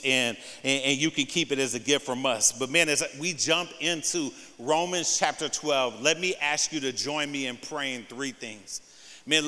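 A man preaching a sermon as pastor of a church. He drops in "man" often, repeats his key lines, and climbs in pitch and volume when he preaches hard. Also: sharp tone, in a large hall. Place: church sanctuary.

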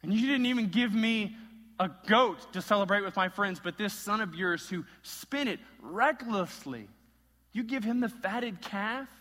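A man's voice: high-pitched, expressive, unhurried, bright, forceful tone, long reverb tail, voice pushed up, full character voice. A man voicing a resentful young older brother who questions his father in disbelief. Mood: bitter. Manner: heated, incredulous questioning.

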